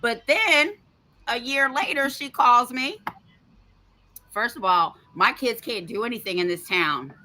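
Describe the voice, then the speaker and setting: A woman in her fifties hosts a podcast and tells a story in a loose, casual chat. She is blunt and feisty, swears freely, and throws energy into every turn. Her voice is bright and sits a little high. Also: animated, a little slow, a little hiss or hum. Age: 50s. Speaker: podcast host.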